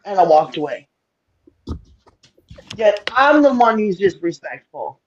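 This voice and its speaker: A woman from Alberta, Canada, telling stories in casual podcast chat, blunt and animated, swearing freely. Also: medium pitch, a little slow, long pauses, slightly rough. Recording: dull lo-fi sound.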